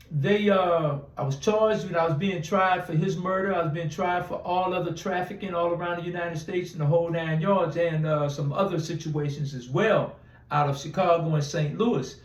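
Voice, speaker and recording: A man's voice: high voice, roomy sound, far from the mic, low-quality recording. A man telling a long personal story in a casual interview, rambling with restarts and acting out quoted dialogue. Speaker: interview guest.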